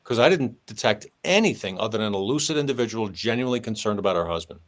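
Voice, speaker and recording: A man's voice: lowish voice, quick pace. New man telling a police story. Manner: animated, acts out dialogue with shifting voice. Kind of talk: conversational storytelling on a podcast.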